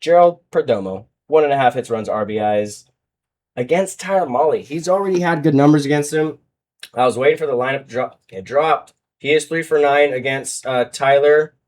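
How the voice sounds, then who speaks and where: A man hosting his own show, casually talking through sports betting picks, rambling and correcting himself, with sudden loud outbursts between mumbles. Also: mid-range voice, normal speed.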